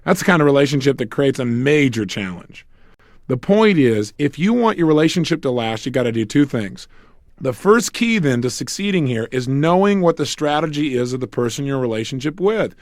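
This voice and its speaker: A man giving a motivational seminar on relationships, talking in an animated way and acting out couples' arguments with joking asides. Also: medium pitch, a little fast, dry recording, studio quality. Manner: animated, acts out quarrels between couples. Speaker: self-help speaker.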